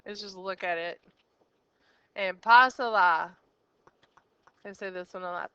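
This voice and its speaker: A woman teacher walks through a grammar lesson step by step, her voice bright and crisp. She pauses to quiz her listeners as she goes. The recording is dry and a little dull, as if taken close on a modest mic. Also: medium pitch, dry recording. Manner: explains step by step, quizzes the listener with questions. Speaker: Spanish teacher.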